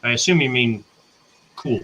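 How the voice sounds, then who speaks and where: Streamer type: American man, bright and forward tone, chatty and self-correcting. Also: mid-range voice, normal speed, a little hiss or hum, poor audio. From United States. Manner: rambling, self-correcting, talks to chat. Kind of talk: casual chat on a live stream.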